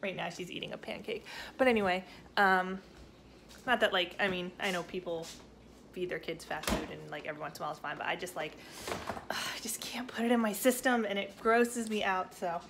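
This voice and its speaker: A woman's voice: fairly low pitch, fairly even intonation, brisk, vocal fry, fairly bright tone, a little hiss or hum. A young adult woman chatting casually at home about her plans, rambling with lots of fillers. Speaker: family vlogger and mother. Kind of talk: casual chat to camera. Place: living room sofa at home.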